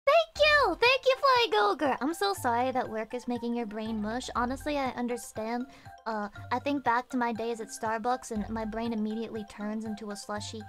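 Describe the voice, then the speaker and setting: A young woman streaming, chatting casually with her viewers and swearing with loud outbursts. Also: fairly high pitch, steady tone, a little fast, soft background music. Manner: profane, loud outbursts, rowdy. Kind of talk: casual chat reading chat messages.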